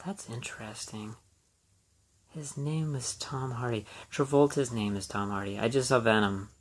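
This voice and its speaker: A man's voice: mid-range voice, normal speed. A man hosting a casual solo movie podcast, talking in a rambling, hesitant way with many fillers and restarts. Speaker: podcast host.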